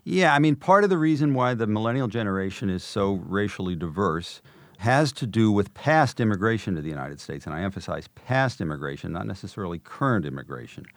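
Low-voiced man explaining data. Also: lively intonation, a little fast, dry recording. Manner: explains with numbers, frequent "you know" and "I mean" fillers. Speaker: demographer guest. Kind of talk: podcast interview answers.

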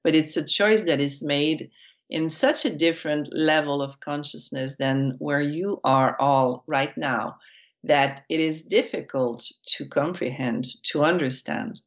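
Slow, low-voiced woman channeling. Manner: slow, deliberate, speaks as "we" with repetitions. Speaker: channeler speaking as a collective of entities. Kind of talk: channeled spiritual teaching.

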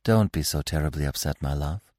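A man voicing a young male deer, earnest and anxious, speaking softly with a slight quaver. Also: on the low side, sing-song, a little fast, no room sound, clean studio sound. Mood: pleading. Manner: soft, quavering, pleading.

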